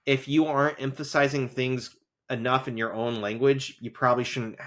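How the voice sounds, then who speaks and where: A man's voice: medium pitch, fairly even intonation, normal speed, a bit bright. A man co-hosting a casual podcast, talking in rambling runs with many fillers and restarts. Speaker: podcast co-host; teacher who grades essays. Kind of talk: casual rewatch podcast chat.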